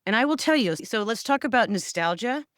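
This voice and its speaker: A woman's voice: fairly high pitch, animated, a little fast, fairly bright tone, dry recording. Middle-aged woman vlogger, radio and therapist background; heartfelt, candid delivery, dry sound. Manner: emotional, candid, tearful at times. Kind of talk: personal vlog monologue.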